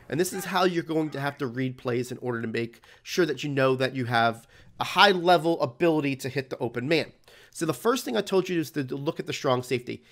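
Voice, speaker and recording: A man's voice: fairly high pitch, fairly bright tone. A man walking viewers through football video game plays, teaching in a casual way and often checking in with "right?". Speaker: video game tips channel host. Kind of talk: explaining plays over gameplay footage.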